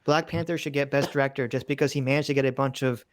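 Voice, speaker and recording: A man's voice: mid-range voice, steady tone, quick pace, slight background noise. A man co-hosting a casual livestream chat, joking, laughing often and reading out viewer messages. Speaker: livestream co-host reading donations.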